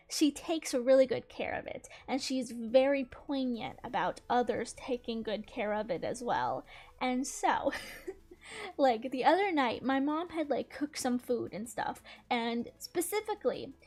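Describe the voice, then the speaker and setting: A woman's voice: high voice, a little mellow. A young woman with a Southern US accent, chatting casually as a channel host and rambling through a story with lots of "like" fillers. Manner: rambling, heavy use of "like" fillers.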